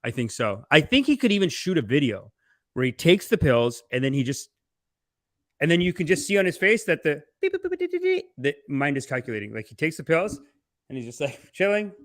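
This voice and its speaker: A man hosting a podcast, riffing sarcastically on clips in a rambling, animated way. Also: on the high side, brisk, no room sound, clean studio sound. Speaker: podcast host. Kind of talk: comedic commentary.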